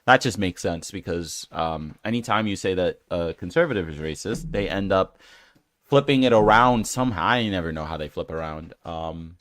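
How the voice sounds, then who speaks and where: Male host, low register, dry close sound, halting exasperated rant. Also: animated, a bit bright, no room sound. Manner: rambling with many fillers and restarts; exasperated, incredulous. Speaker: channel host. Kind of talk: casual rant reacting to comments.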